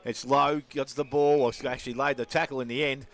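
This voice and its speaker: An Australian man calling a local football match, steady with a few fillers. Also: medium pitch, a little fast. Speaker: commentator. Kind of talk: football play-by-play.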